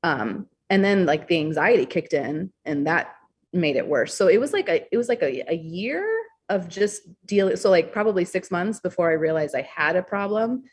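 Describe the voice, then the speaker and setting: Husky-voiced woman speaking frankly. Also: fairly low pitch, moderate pace. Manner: frank, expressive, swears freely, acts out quoted thoughts. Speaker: podcast guest, author. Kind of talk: candid interview conversation.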